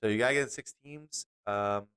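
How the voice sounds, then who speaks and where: A man's voice: on the low side, moderate pace, a bit bright, clean tone. A man co-hosting a casual fantasy football podcast late at night, sounding tired and yawning now and then. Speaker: podcast co-host.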